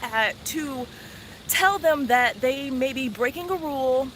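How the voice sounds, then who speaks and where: Bright-voiced woman vlogger, earnest and animated. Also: sits high, slow pace, a little hiss or hum. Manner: earnest, animated, conversational, with frequent "like" fillers. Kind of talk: casual storytelling vlog.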